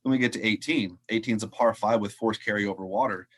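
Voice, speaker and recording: A man with a fairly low voice tells a story in a relaxed, chatty way. He is a golf professional talking on a video call, and he acts out the quotes with lively energy and frequent laughter. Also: quick pace. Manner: animated storyteller acting out quotes, laughs often. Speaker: head golf professional, podcast guest. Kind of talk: casual storytelling in an interview.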